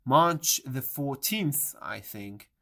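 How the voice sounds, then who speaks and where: Nervous storybook hatter, fearful, pleading, pitched up, read by a narrator. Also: lively intonation, extremely slow, gravelly, bright, forceful tone, heavily acted. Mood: anxious. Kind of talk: storybook audiobook reading.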